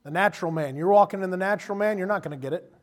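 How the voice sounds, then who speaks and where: A man delivers a sermon in a high-pitched voice. He talks to the congregation conversationally and animatedly, slipping into quoted voices as he goes. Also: very fast. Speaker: preacher.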